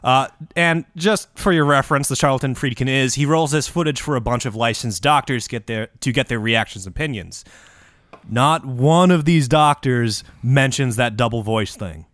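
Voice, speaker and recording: A man's voice: medium pitch, normal speed, fairly bright tone, no room sound. A man co-hosting a comedy podcast, ranting with sweary, confident asides. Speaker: podcast co-host. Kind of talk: casual comedy podcast chat.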